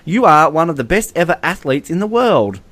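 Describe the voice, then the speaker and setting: Brief: male podcast host, playful and giggly, pitch jumping around a lot, voice on the high side. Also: sing-song, a little fast, fairly bright tone. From Australia. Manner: playful, laughs often through his own lines. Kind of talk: casual chat, reading fan messages aloud.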